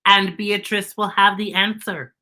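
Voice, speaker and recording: A woman's voice: mid-range voice, flat delivery, measured pace, bright, forceful tone. Woman voicing a small, earnest storybook robot. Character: small curious robot on a quest.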